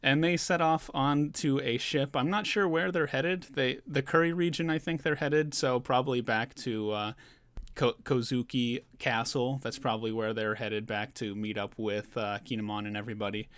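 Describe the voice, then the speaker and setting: A man's voice: medium pitch, steady tone, moderate pace, fairly bright tone, clear, resonant tone, no room sound. A man giving a casual, loose recap of a manga chapter, chuckling now and then and talking with plenty of fillers. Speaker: manga reviewer.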